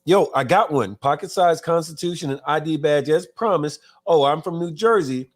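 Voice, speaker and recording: Guy hosting a live biker show, kinda high voice, loose and cussing, reading comments out. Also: moderate pace. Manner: loose, reads viewer comments aloud, profane. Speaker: podcast co-host. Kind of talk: casual live-stream chat.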